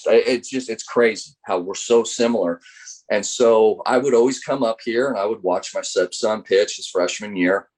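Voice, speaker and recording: Speaking at a normal speed with a fairly low pitch, a middle-aged college baseball coach from the United States spins stories for an interviewer. He brings them to life by performing the quoted dialogue in the voices of the people involved.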